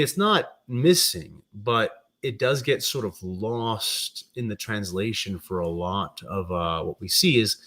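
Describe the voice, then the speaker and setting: A man's voice: medium pitch, a bit bright. A man chatting casually on a livestream, reading viewer comments and rambling through his thoughts with frequent ums and self-corrections. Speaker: streamer and fan fiction writer.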